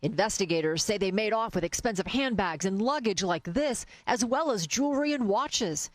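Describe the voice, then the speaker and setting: A woman reading a scripted news voice-over in a crisp, even style. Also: medium pitch, moderate pace, dry recording. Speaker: news narrator.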